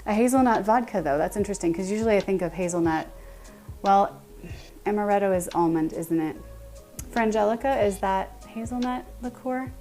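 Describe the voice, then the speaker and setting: A woman's voice: medium pitch, fairly quick, warm tone, soft background music. Chatty woman baking on a livestream. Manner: chatty, reads and answers chat aloud, laughs often. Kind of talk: casual live-stream chat while baking. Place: home kitchen.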